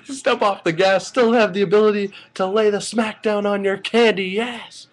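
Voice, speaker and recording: A man's voice: sits high, steady tone, moderate pace, voice pushed up, natural voice. A man imitating a brash, boastful male wrestling star who rattles off catchphrases and stumbles over them.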